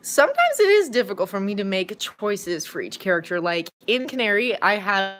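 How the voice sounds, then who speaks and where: An adult woman who reads fanfiction aloud, chatting casually from home in a live-stream Q&A. She rambles and jumps into sudden bursts of excitement. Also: mid-range voice, moderate pace. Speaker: fanfiction audiobook narrator and streamer.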